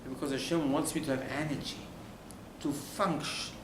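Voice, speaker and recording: Male rabbi, sermon, fairly high voice, rhetorical questions, echoey room, faint background noise. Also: steady tone, moderate pace, a bit bright. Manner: emphatic, with rhetorical questions and sudden drops to near-whisper. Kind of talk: Torah sermon.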